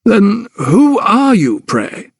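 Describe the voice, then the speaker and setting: A man's voice: sits high, expressive, fast, dry recording, clean studio sound, pitched above the performer's own voice. A man voicing a kindly, white-haired elderly male doctor who speaks in a formal, polite way. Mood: formal, puzzled.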